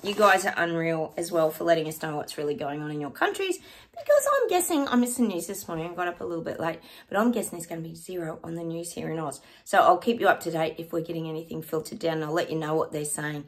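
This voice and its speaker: A woman's voice: fairly low pitch, expressive, quick pace. A woman, hosting her own psychic channel and chatting casually and effusively to her viewers.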